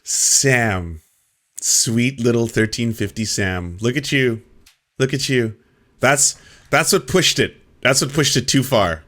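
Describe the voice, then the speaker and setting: A man hosting a reaction commentary, talking back to clips with sarcasm and the odd profanity. His voice sits at an ordinary middle pitch, with a mocking edge. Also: takes it slowly, a bit bright. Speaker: commentary show host.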